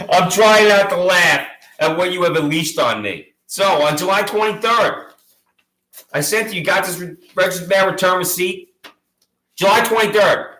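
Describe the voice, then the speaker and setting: A man's voice: high voice, moderate pace, pushed and bright, roomy sound, low-quality recording. A man making an impassioned public complaint against local officials, accusatory, sarcastic and repetitive.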